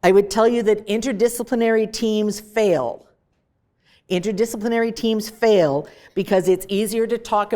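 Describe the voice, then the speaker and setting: A woman's voice: mid-range voice, darkish tone. Emphatic woman giving a lecture. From Canada. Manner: direct, emphatic, dismissive of clichés. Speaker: professor. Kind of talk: recorded lecture.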